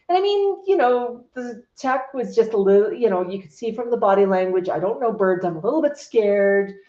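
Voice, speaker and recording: A woman's voice: medium pitch, darkish tone. A middle-aged woman hosting a casual live stream about pet birds at home, chatting to viewers by name. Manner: chatty, answers viewers by name, baby-talks to her parrot. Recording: echoey room, dull lo-fi sound.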